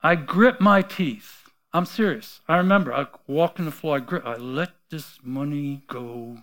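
A middle-aged man preaching a sermon, telling a personal story and acting out the quoted voices, swinging between quiet asides and loud outbursts. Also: on the high side, unhurried. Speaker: pastor.

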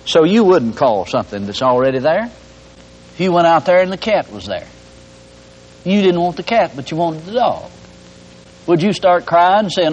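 Folksy male radio preacher, emphatic and animated, slightly high, muffled tape sound. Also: normal speed, long pauses. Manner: folksy homespun examples, emphatic rising calls. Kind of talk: radio sermon. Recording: dull lo-fi broadcast audio.

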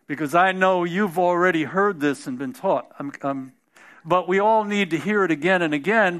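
A man's voice: sits high, fairly bright tone. A man preaching a sermon in a conversational way, often restarting phrases and building to emphatic peaks.

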